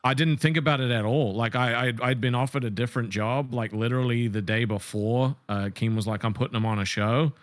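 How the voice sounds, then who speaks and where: A man's voice: medium pitch, steady tone, brisk, few pauses, no echo. A man bantering defensively with his co-hosts on a livestream panel, rambling and restarting as he jokes. His voice sits mid-range and sounds dry and close. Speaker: show host.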